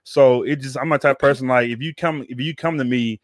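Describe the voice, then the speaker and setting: A man hosting a podcast talks at a quick clip, rambling along and circling back on his words with casual slang. His voice sits at an ordinary pitch, and the sound is close and dry with no room around it. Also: steady tone, no room sound. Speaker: podcast host. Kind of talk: casual chat.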